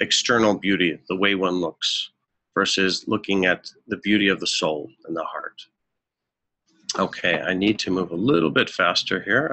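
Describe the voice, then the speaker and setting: A man with a bright, forceful tone gives a webinar talk on marriage to couples. He speaks in an earnest, instructive way, with a mid-range pitch, and often pauses with "uh" and "um" as he moves through his slides. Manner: earnest, instructive, frequent fillers. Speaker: marriage counselor presenting a webinar. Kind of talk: webinar presentation. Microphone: webinar microphone.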